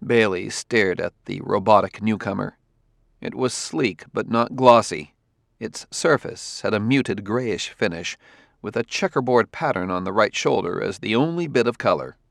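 A man reads a novel aloud in an even, unhurried way. His voice is low and gravelly, recorded dry and close. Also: no room sound. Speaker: audiobook narrator. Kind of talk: audiobook narration.

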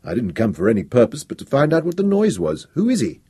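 A man voicing an aging male professor who is calm, firm and authoritative, with a measured, politely formal manner. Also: medium pitch, breathy edge, no room sound, studio quality, voice pushed up. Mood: puzzled.

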